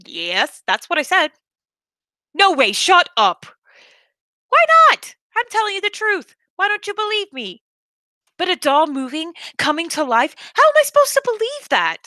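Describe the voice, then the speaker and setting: A woman's voice: very high voice, big pitch swings, moderate pace, pushed and bright, no echo, voice pushed up, full character voice. Red: a woman playing a brash young hero leader. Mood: indignant. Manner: boastful, indignant.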